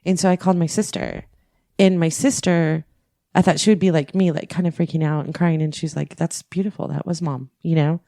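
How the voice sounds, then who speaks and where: A woman's voice: low-pitched, fairly even intonation, brisk, dark tone, dry recording, studio quality. A middle-aged woman co-hosting a podcast, telling stories in an emotional, candid way and swearing freely. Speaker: podcast co-host. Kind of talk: casual podcast chat.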